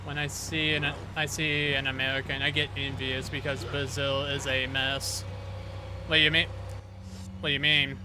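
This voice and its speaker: A man's voice: medium pitch, flat delivery, moderate pace, noisy background. A man streaming a horror game, chatting casually with his viewers in a rambling way. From Detroit, Michigan. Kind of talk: casual gameplay commentary.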